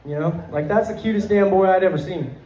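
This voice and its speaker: A young male comedian with a fairly high voice rambles through a stand-up set, piling up fillers and swear words and chuckling at his own lines. The sound comes from a handheld mic in a roomy club and is a bit dull. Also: a little fast, mellow. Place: comedy club stage before a live audience.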